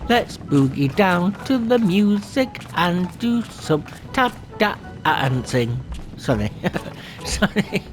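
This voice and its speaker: A man's voice: high-pitched, very animated, very slow, music in the background. A man playing a video game and reading its dialogue aloud in a playful way.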